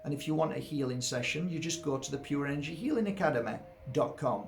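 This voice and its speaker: A man's voice: fairly high pitch, lively intonation, fast talker, vocal fry, slight background noise. A man in his fifties, an energy healer, talking earnestly and from the heart straight to his viewers in a candid monologue. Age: 50s.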